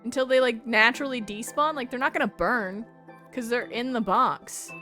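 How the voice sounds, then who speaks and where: A woman's voice: on the high side, moderate pace, sharp tone, soft background music. A woman streamer chatting to herself casually and animatedly while she plays a game live.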